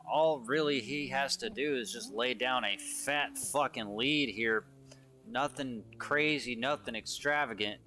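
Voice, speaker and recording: A man doing live play-by-play commentary on a drift competition from a commentary booth, excitable and swearing casually, his voice jumping up on big moments. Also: mid-range voice, a little hiss or hum.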